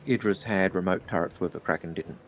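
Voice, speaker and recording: Deep-voiced man chatting. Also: brisk. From Australia. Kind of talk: casual gaming chat.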